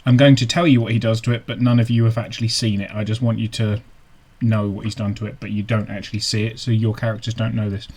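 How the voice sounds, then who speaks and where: A man narrating as game master, halting with many ums and restarts. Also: on the low side, flat delivery, darkish tone. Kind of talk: narrating a tabletop game online.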